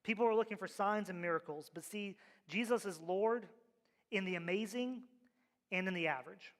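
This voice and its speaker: A man's voice: high-pitched, normal speed, fairly bright tone. A male pastor preaching a sermon, with emphatic, rhythmic repeated refrains, in a church sanctuary. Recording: long reverb of a large hall.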